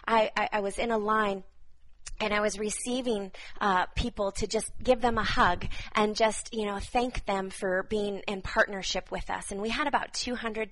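A woman's voice: mid-range voice, rough recording. Woman, 30s, fervent live-stream prophetic minister, repeats key phrases. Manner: fervent, repetitive, with soft laughs. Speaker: prophetic minister giving words to viewers.

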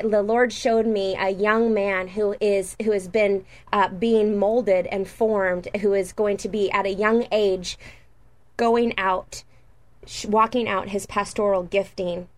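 A woman minister delivering spontaneous prophetic words to listeners, earnest and halting, with many fillers and repeated phrases. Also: mid-range voice.

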